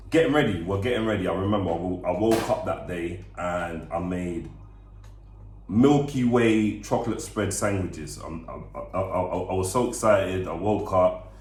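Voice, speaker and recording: Deep-voiced young man telling a personal story. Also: darkish tone. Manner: earnest, halting retelling with restarts and repeats. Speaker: vlog co-host. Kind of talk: storytime vlog. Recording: echoey room.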